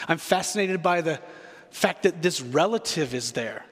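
A man delivers a sermon as a pastor, earnest and reflective, circling back to repeat his key phrases. His voice sits a little on the high side. It rings out with the long reverb of a large hall. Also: moderate pace, a bit bright.

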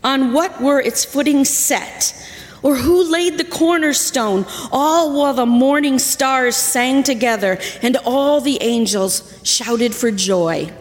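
A woman reads a scripture passage in a slow, measured way. Her voice sits somewhat high. The church hall lends a long reverb. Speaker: scripture reader. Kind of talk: scripture reading. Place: church sanctuary.

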